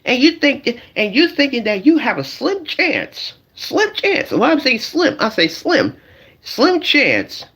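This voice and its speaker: A man's voice: very high voice, a little slow, hardly any pauses, slightly rough. A man streaming live, ranting in a comedic way to his chat, repeating his points and calling out his audience directly. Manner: animated, repetitive, addresses the audience directly.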